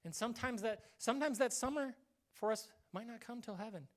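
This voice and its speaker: A man's voice: very high voice, a little fast. A male pastor giving a casual, conversational sermon, acting out short quoted voices now and then.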